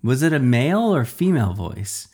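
Guy reading doing a calm smart girl helper, practical. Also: mid-range voice, normal speed, breathy edge, pitched above the performer's own voice.

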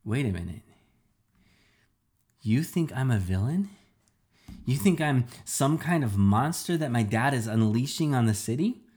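A man's voice: mid-range voice, animated, a little slow, pauses often, a little mellow, pitched above the performer's own voice, lightly acted. A man reading a storybook aloud, voicing a hurt young boy defending his father. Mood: upset. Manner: upset, protesting.

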